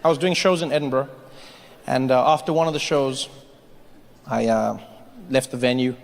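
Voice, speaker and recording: A man doing a stand-up comedy set, telling stories in an animated, self-mocking way. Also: medium pitch, moderate pace, vocal fry. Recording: reverberant hall, faint ambience.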